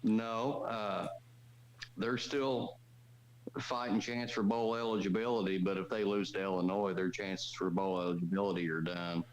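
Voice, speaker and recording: A man's voice: low voice, fairly even intonation, moderate pace, a little hiss or hum, low-quality recording. A man calling into a sports talk show, rambling and blunt with some swearing. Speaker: caller. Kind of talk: casual call-in chat.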